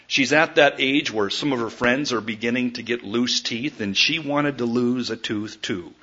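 A man's voice: mid-range voice, normal speed, a little hiss or hum. A male pastor giving a sermon in a church, telling stories animatedly and acting out voices. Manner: animated storytelling, acts out quoted voices. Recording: muffled lo-fi sermon recording.

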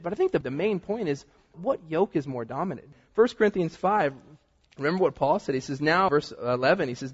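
A man preaching a sermon in a lively way, sometimes dropping to a quiet, stressed delivery. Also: on the high side. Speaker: pastor. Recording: dull sound with long hall reverb.

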